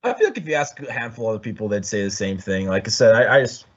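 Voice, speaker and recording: A man hosting a sports podcast, chatting casually and rambling, with many restarts and throat clearing. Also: lowish voice, animated, very fast. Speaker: podcast host. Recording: dull lo-fi audio.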